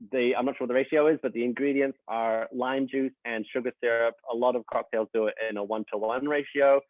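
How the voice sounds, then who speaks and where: A man's voice: mid-range voice, dry recording. A man working as a brand ambassador, presenting a tasting in a friendly, upbeat way. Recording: dry, tinny phone-like audio.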